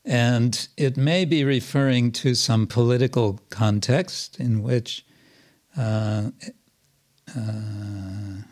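A man teaching a scripture class, reading verses aloud and explaining them slowly with many pauses and restarts. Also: mid-range voice, steady tone, darkish tone. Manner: slow and hesitant, many fillers and restarts.

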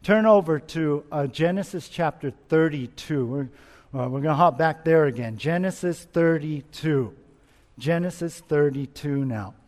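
High-voiced man preaching in a reverberant hall. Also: a little slow, a little mellow. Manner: earnest, asks rhetorical questions, repeats himself. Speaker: pastor. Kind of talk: expository sermon.

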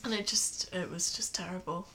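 A woman's voice: fairly low pitch, steady tone, normal speed, sharp tone. A woman from England co-hosting a podcast, chatting casually and laughing as she tells stories. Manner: giggly, chatty storyteller. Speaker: podcast co-host. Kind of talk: casual chat.

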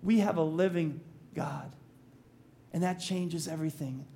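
A man's voice: fairly high pitch, unhurried, creaky, mellow. A male pastor preaching a sermon, telling the story animatedly, acting out quotes and slipping in jokes.

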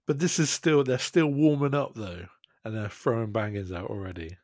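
A man's voice: lowish voice, moderate pace, a little mellow, dry recording. Male co-host, laid-back, calls tricks, dry close sound. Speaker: co-host reacting to a skate video. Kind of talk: casual reaction commentary.

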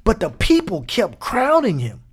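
Animated male preacher, higher voice. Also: unhurried, breathy edge. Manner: animated, repeats phrases, rises to emphatic peaks. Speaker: pastor. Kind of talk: sermon.

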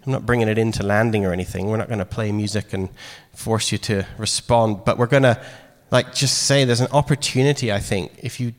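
A man preaching a sermon in a casual, animated way, acting out quoted lines. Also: lowish voice, brisk, hardly any pauses. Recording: long hall reverb.

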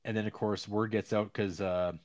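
A man's voice: lowish voice, little pitch movement, normal speed, darkish tone. A man hosting a podcast, chatting casually as he retells a movie's plot in a loose, rambling way. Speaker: podcast host. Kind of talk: casual movie-recap chat.

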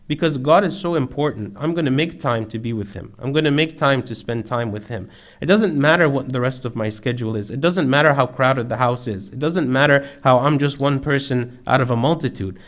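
A man preaching a sermon in an earnest, steady way, building emphasis through repetition. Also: medium pitch, fairly quick.

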